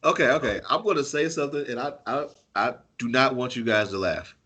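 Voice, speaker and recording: A man with a bright, forceful voice co-hosts a relaxed podcast chat. He argues his points and laughs his way through them, his pitch sitting in the middle. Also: brisk, breathy edge. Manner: playful, laughs while arguing his point. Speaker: podcast co-host. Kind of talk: casual wrestling chat.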